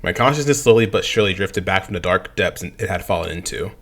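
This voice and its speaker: Brief: young male let's play host, quick, lively reading of game dialogue, stumbles and self-corrects. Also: sits low. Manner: animated, stumbling over words. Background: game music.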